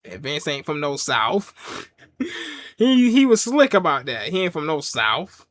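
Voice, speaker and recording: Male watch-along reviewer, fairly high and bouncy, joking, dry close mic. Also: sing-song, measured pace, fairly bright tone, no echo. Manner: loose, joking rants with frequent laughs. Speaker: wrestling show reviewer. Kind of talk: casual watch-along commentary.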